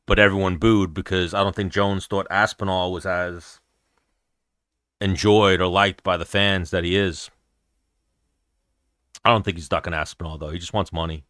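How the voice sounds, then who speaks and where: A man with a deep voice and a forceful, crisp edge chats as a podcast host. He argues his opinions in an easy, step-by-step way. The sound is close and dry. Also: fairly even intonation, moderate pace, long pauses, dry recording. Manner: opinionated, talks through his reasoning. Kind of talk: casual fight-watching chat.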